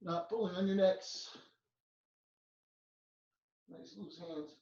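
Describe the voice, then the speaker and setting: A male fitness instructor counting slow exercise reps and joking between counts. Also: high-pitched, steady tone, mellow, echoey room, far from the mic, dull audio. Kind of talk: counting reps in a workout class.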